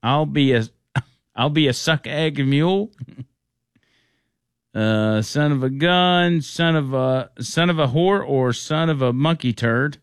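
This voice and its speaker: A man's voice: on the high side, slow pace, clean tone, no echo, clean studio sound. A man hosting a casual radio talk show, reading listener texts aloud with amused laughs.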